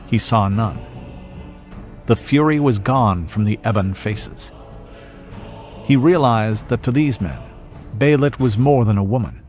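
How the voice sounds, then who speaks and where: A man reads an epic battle passage slowly and gravely, leaning into every dramatic beat. His voice is fairly low, with soft music playing underneath. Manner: slow, grave and theatrical. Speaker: reviewer reading a passage aloud. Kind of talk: dramatic story reading. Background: soft background music.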